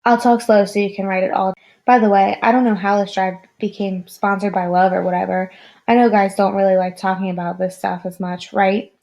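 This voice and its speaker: A woman's voice: mid-range voice, level tone, a little fast, creaky, darkish tone, natural voice. Earnest young woman, chatty and sincere, everyday mid-range voice, read by a woman.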